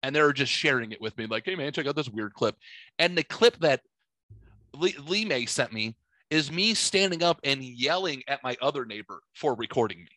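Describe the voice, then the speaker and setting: A man's voice: mid-range voice, lively intonation, normal speed, sharp tone, no echo. A man hosting a podcast, telling rambling, profane stories in casual chat. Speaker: podcast host. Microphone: studio microphone.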